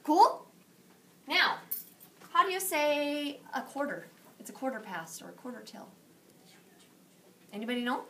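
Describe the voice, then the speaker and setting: High, bright-voiced playful woman teacher. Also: a little slow, long pauses. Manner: playful, animated teacher quizzing students. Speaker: Spanish teacher. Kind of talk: classroom lesson. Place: classroom. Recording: distant classroom camera with faint noise.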